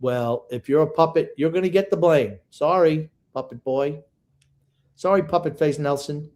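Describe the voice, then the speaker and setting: An older man co-hosting a casual sports podcast, gruff and opinionated, reading listener comments and ribbing his co-host. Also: a little high, normal speed, darkish tone.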